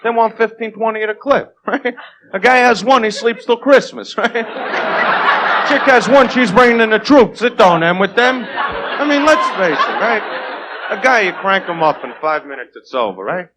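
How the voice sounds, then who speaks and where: A man's voice: sits high, lively intonation, moderate pace, background noise. A man doing a crude, swaggering stand-up routine who keeps asking the crowd "right?", heard on an old 1980s TV tape. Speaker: stand-up comedian. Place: comedy club stage.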